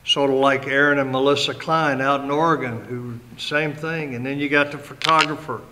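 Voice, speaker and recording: An older man preaches to a live crowd with fervent emphasis, his voice sitting at an ordinary middle pitch. He tells the story in lively fashion and acts out the voices of the people in it. A faint background hum runs under his voice. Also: normal speed, low-quality recording. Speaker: guest speaker and ordained minister. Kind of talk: impassioned preaching to a live audience.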